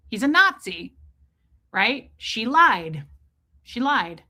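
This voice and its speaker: A woman hosting a livestream, talking fast and emphatically, repeating herself and breaking off to thank viewers in the chat. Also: fairly high pitch, sing-song, sharp tone. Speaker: livestream host. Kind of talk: casual livestream commentary.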